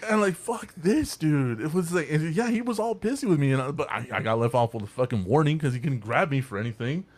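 A young man hosting a casual podcast, telling an animated, profane story and acting out the people in it. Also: medium pitch, fast talker. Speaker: podcast host.

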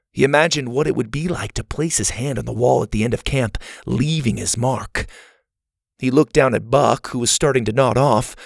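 A man narrating a children's adventure story in an expressive, animated way. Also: mid-range voice, vocal fry, dry recording, clean studio sound.

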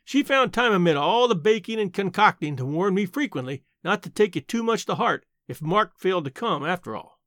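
A man reading a short story aloud in an expressive storytelling manner. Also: high-pitched, brisk, few pauses, no room sound, studio quality. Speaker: narrator.

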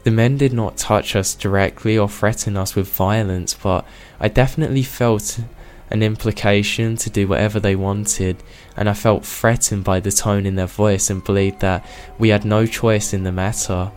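A man narrating a submitted true scary encounter in a steady, measured storytelling manner. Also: on the low side, clear, resonant tone. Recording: faint music bed.

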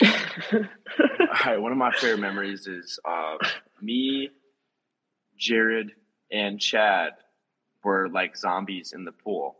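A man's voice: on the low side, slow pace, long pauses, pushed and bright, slightly rough, poor audio. A young man in his twenties, a reality show contestant, telling a funny story in a laid-back, laughing way. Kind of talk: casual chat.

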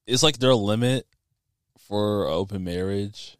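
A man's voice: lowish voice, a little slow, clear, resonant tone. A man co-hosting a casual film chat, chiming in with brief reactive interjections. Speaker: co-host.

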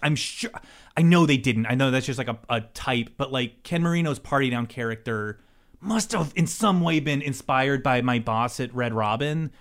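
A man's voice: medium pitch, moderate pace, a bit bright. A man chatting as a podcast guest in a middling voice, rambling through his thoughts and restarting sentences often. He drops self-deprecating asides in a loose, casual way. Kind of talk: casual chat.

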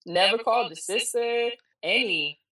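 Woman, 40s, interview guest: low, forceful, candid storyteller recorded in a roomy space. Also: moderate pace. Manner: candid, animated, quotes people mid-story. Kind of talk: emotional personal storytelling. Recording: echoey room, distant mic.

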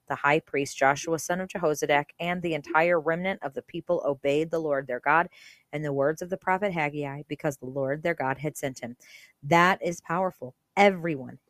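A woman's voice: low voice, dry recording. A woman hosting a Bible reading podcast, reading scripture aloud and stopping to comment in an earnest, conversational way full of fillers. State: briefly emotional.

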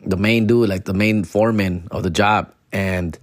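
A man in his forties telling a story in casual chat, slangy and profane, slipping into Spanish and doing animated impressions of people. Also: low-pitched, moderate pace, no room sound, clean studio sound. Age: 40s.

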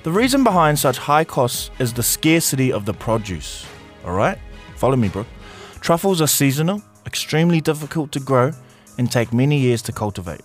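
NZ male morning-show host, animated delivery, pitch all over the place. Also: normal speed, hardly any pauses, faint music behind. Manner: animated, hypes up the audience. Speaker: radio host. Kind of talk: casual breakfast show chat.

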